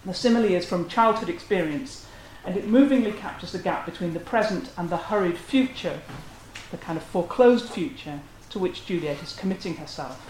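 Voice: medium pitch, brisk, darkish tone, slight background noise. A lecturer giving an academic talk in a scholarly, analytical manner. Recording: roomy echo.

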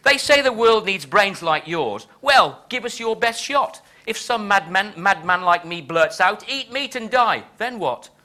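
A man's voice: high voice, lively intonation, a little slow, hardly any pauses, bright, forceful tone, voice pushed up, full character voice. A man reading as a scornful defiant poet. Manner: scornful, rhythmic verse. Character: defiant male poet mocking a doctor. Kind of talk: reading translated verse aloud.

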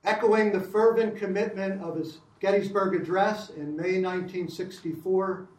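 An older man reading a prepared lecture in a measured academic way, with occasional restarts. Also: sits high, fairly even intonation, reverberant, far from the mic, low-quality recording.

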